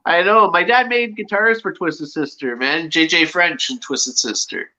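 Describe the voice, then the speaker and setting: A man co-hosting a casual live show chat, talking excitedly and acting out scenes as he goes. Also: on the high side, a little slow, low-quality recording. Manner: excitable, reenacts scenes with loud impressions. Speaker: show co-host.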